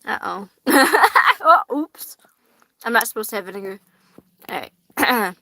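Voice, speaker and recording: A woman's voice: on the high side, expressive, takes it slowly, long pauses, sharp tone, dry recording. A young woman hosting a casual tarot livestream, chatty and rambling, swearing casually and laughing often while eating fries. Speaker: tarot reader and livestream host.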